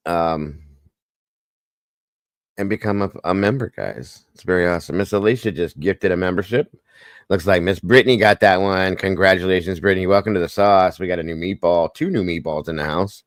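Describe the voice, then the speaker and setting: A man's voice: deep voice, no echo, clean studio sound. A man hosting a casual livestream, chatting and greeting viewers by name one after another. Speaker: livestream host.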